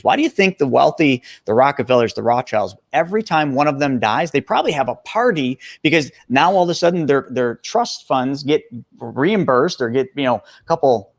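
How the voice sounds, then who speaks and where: A man's voice: medium pitch, no room sound. Fired up 40s guy on a podcast, punchy, dry sound. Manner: energetic and emphatic, addresses listeners as folks. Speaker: guest expert. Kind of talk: podcast interview.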